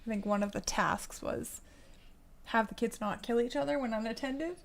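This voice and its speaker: A woman's voice: fairly high pitch, normal speed, vocal fry. A woman hosting a casual business-coaching podcast, chatty and storytelling, laughing often.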